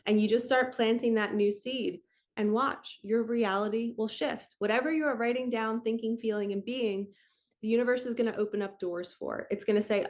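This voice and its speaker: A woman coach talks in a relaxed, chatty way, encouraging her listeners with casual spiritual guidance. Her voice sits at an ordinary middle pitch. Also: fairly quick. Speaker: manifestation coach.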